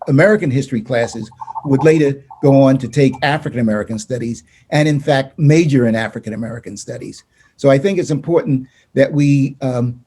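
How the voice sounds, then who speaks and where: A man who teaches, giving measured, reflective remarks with some hesitant fillers on an online panel. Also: mid-range voice, warm tone. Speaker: educator and panelist.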